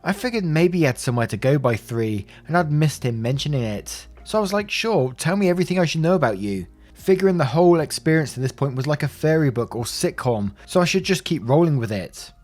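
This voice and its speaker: A man's voice: a little high, animated, fairly quick, few pauses, a little mellow, soft background music. A man narrating online stories aloud and adding his own commentary, chuckling as he goes. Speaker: story narrator.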